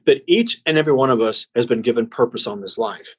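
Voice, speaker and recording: Male podcast guest, husky and earnest, emphatic spiritual delivery, dull lo-fi call audio. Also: mid-range voice, expressive. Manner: earnest, slow and emphatic, preaching tone. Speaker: interview guest. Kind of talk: heartfelt spiritual message.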